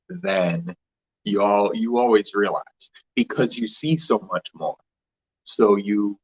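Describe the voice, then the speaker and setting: A man's voice: sits low, breathy edge, lo-fi sound. A man hosting a casual livestream, rambling loosely with restarts and fillers as he greets viewers. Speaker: livestream host.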